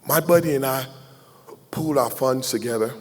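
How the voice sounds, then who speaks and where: A man's voice: mid-range voice, normal speed. A man in his sixties giving a heartfelt, folksy keynote speech at a gala, joking with the crowd and taking questions. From Southern United States. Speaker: keynote speaker. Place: large banquet hall. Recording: long hall reverb from a ballroom PA.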